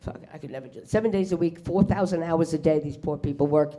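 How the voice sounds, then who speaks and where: A brash, profane middle-aged "New" woman does a stand-up set at a comedy club before a live audience. She talks fast in a low, warm voice, swears, and plays every character in her punchlines herself.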